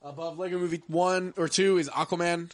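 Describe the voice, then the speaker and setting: A man hosts a podcast, casually chatting about how he ranks movies and rambling with lots of filler words. His high-pitched voice is fairly even in intonation, a little fast, with no echo.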